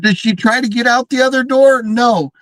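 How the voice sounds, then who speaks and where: A man co-hosting a horror film livestream, talking casually and excitedly, swearing and mimicking characters. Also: very high-pitched, normal speed, dry recording, low-quality recording. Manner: animated, swearing, mimics characters with big shrieks. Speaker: podcast co-host reviewing horror films.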